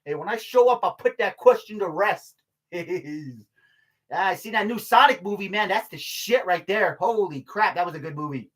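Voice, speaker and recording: An older man vlogs in a casual, rambling monologue, his high-pitched voice fairly bright, lively in intonation, and moderate in pace. He swears freely, stalls on fillers, restarts often, and laughs between remarks.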